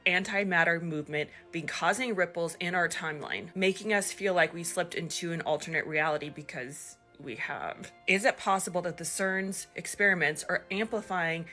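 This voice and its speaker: A woman's voice: lowish voice, moderate pace, hardly any pauses, pushed and bright, faint music behind. A woman speaking in an earnest monologue to camera, with a dramatic, ominous tone. She keeps asking pointed questions as she talks.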